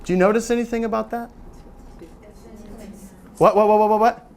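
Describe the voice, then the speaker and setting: A man's voice: high voice, fairly even intonation, normal speed, clear, resonant tone. A man presenting a phonics seminar, quizzing his audience with questions and carefully modeling each sound aloud. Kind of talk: interactive teaching seminar. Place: seminar room with a live audience.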